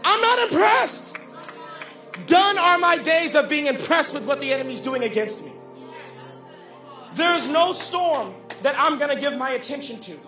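A young man preaching a sermon, shouting and half-singing at his peaks, then dropping into quick, quiet joking asides. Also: extremely high pitch, expressive, echoey room, faint music behind. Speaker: pastor.

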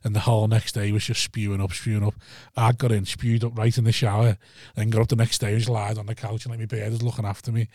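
Thirties man, podcast host, rapid storyteller who swears a lot, dry sound. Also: on the low side, level tone, darkish tone, no room sound. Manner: swears a lot, tells stories acting out others' lines. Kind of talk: casual chat.

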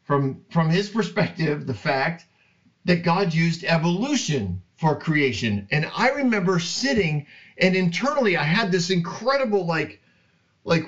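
A man hosting a Bible podcast, talking slowly in a casual, rambling way, with many restarts. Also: a little high, sing-song, a bit bright, lo-fi sound. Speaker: podcast host. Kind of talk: casual Bible teaching monologue.

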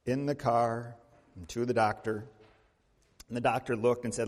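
A male pastor preaching a sermon, telling a story with big swings in pitch and loudness and asking the congregation questions. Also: expressive, moderate pace. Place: church sanctuary. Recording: long church reverb.

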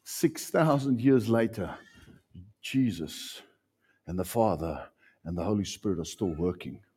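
A South African man preaching a sermon with passion, swinging from loud outbursts to hushed lines. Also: on the low side, animated, unhurried, breathy edge. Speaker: pastor.

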